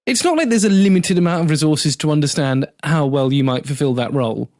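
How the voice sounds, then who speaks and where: A man's voice: on the high side, lively intonation, brisk, a little mellow, no room sound, clean studio sound. A man hosting a podcast, reacting to his guest's stories with swearing and teasing remarks. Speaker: podcast host. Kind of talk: casual interview chat.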